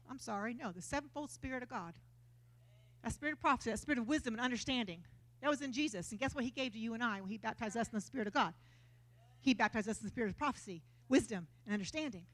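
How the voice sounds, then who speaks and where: A woman preacher delivering a lively, conversational sermon in a church, acting out quotes as she goes, with a Texan accent. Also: high-pitched.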